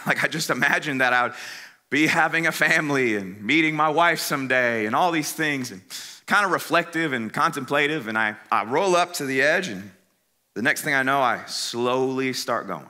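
Animated youth speaker telling a funny story. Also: male voice, mid-range voice, moderate pace. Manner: animated, dramatic swings between loud and hushed; casual slangy delivery addressing the crowd. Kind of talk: humorous storytelling sermon.

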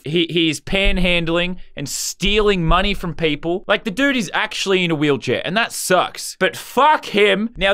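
Brash Australian man, lively high voice. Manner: brash, profane and excitable. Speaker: YouTuber. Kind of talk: comedic reaction commentary.

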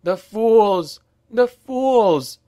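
A male narrator voicing a frightened young man who wails and sobs in a high, strained voice. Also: expressive, extremely slow, mellow, no echo, studio quality, exaggerated voice. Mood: distressed. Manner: high, wailing and panicky.

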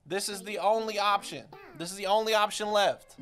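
A young man with a high voice gives live commentary over a rhythm game, loud and frustrated, cursing and trash-talking the opponents. Faint game music plays behind him. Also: expressive, a little fast, hardly any pauses. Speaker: streamer.

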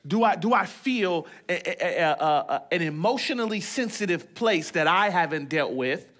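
A male pastor preaching with a high, bright, forceful voice. He talks in a loose, conversational way, joking with the congregation and repeating lines for emphasis. His prayers come out in short, emphatic phrases. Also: lively intonation, normal speed. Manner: conversational preaching with humor and repetition. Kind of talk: sermon.

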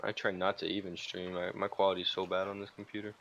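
A man's voice: low voice, level tone, quick pace, fairly bright tone, no room sound, dull audio. A man playing a game alongside the streamer, tossing in laid-back, short reactions. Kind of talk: casual gaming chat.

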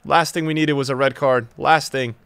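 A young man commentating his own football video game match as a streamer, swinging from low muttering to loud outbursts. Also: steady tone, normal speed, gravelly, smooth, no echo. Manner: emotional, swings from muttering to shouting. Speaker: gaming streamer. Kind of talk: live gameplay commentary.

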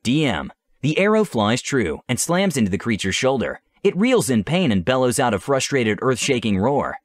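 A male game master reads a fantasy adventure aloud with a lively, animated melody. His delivery is measured and descriptive. The recording is dry and close, with no room echo. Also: mid-range voice. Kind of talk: scripted story narration.

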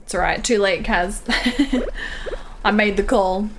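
A woman's voice: medium pitch, steady tone, unhurried, pauses often, slight background noise. A young woman streaming a farming game, chatting and giggling as she reads out her viewers' messages. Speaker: livestreamer. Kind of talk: casual gameplay chat with viewers.

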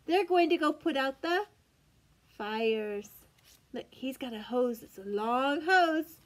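Young woman teacher for a children's read-aloud, high voice, unhurried, gasps in wonder at each page. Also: expressive. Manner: gasping, exaggerated, sing-song wonder for young children.

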